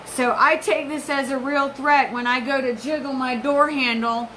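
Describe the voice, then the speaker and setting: Intense rambling woman, bright-toned. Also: sits high, fairly even intonation, moderate pace, slight background noise, low-quality recording. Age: 40s. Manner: intense, rambling, profane, jumps between topics. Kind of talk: rambling personal monologue.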